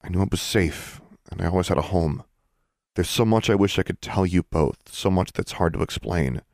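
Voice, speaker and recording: A man reading aloud and voicing a sixteen-year-old girl who speaks quietly and earnestly. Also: low-pitched, moderate pace, no room sound, studio quality.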